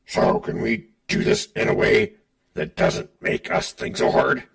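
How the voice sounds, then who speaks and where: A man's voice: a little high, big pitch swings, unhurried, creaky, recorded from a distance. A man co-hosting a podcast, dry and questioning, asking for things to be explained. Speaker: podcast co-host. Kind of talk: casual podcast banter.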